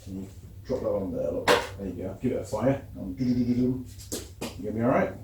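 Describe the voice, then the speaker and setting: A man's voice: fairly low pitch, fast talker, very noisy. A man hosting a mechanics channel, telling a story in casual workshop chat and swearing now and then.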